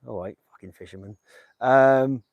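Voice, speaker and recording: With his phone held out in a blustery village, a man from England chats casually on a live stream as he visits graves, reading comments and rambling with plenty of jokes. His voice is mid-range at a normal pace, with no room sound and a lo-fi quality.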